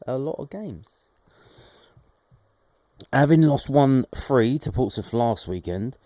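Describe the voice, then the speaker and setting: A man's voice: medium pitch, mellow, no echo. A man hosting a daily football news podcast, reading out reports and adding sarcastic asides. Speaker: podcast host.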